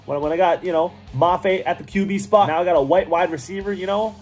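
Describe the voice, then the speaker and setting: A gaming YouTuber with a high voice rambles excitedly through his gameplay, talking both to himself and to his viewers. He speaks fairly quickly over soft background music.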